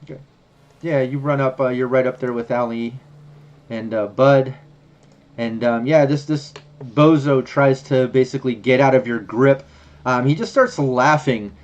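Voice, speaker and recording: A man's voice: mid-range voice, fairly even intonation, normal speed, darkish tone. A man narrating as game master of a tabletop game, describing scenes loosely with many fillers. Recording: slightly muffled audio.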